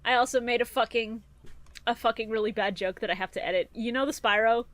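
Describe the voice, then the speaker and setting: A woman co-hosting a podcast in casual chat, crude and animated, quick to laugh. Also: fairly high pitch, no echo. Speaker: podcast co-host.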